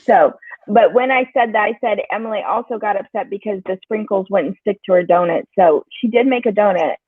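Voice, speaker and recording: A woman hosting a live group video chat, chatty and quick to laugh. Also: medium pitch, slightly rough, no echo. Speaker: host. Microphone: video call. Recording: tinny dry phone-like line.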